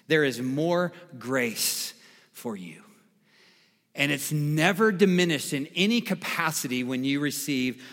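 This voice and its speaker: Emphatic male pastor preaching in a hall. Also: fairly high pitch. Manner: emphatic, repeats key phrases, swings from soft to loud. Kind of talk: sermon. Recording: long reverb of a large hall.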